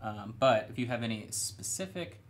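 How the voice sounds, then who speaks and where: A man's voice: medium pitch, moderate pace. A young man chatting casually and rambling a little while he paints miniatures on a live stream. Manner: relaxed, rambling, self-deprecating. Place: studio room.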